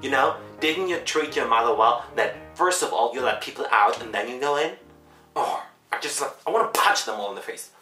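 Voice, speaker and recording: A woman in her twenties chats to camera in English that is not her first language, rambling on and correcting herself as she goes. Her voice is bright and swings widely up and down in pitch. The room is echoey, with faint music underneath. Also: animated, fairly quick. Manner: rambling, chatty, self-correcting. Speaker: vlogger. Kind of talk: casual chat to camera.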